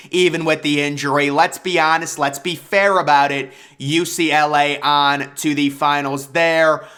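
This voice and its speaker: A man's voice: fairly high pitch, bright, forceful tone. A young man talking casually through his basketball bracket picks in a playful, hyped-up way. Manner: hyped, jokey self-proclaimed bracket expert. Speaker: sports bracket predictor. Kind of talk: casual sports prediction vlog.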